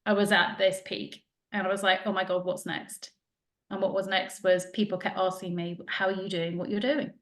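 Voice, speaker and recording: A woman, a podcast guest telling her story in casual, animated talk and acting out what people said. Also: medium pitch. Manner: chatty, animated, acts out quoted dialogue. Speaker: podcast guest, joy coach. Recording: roomy echo.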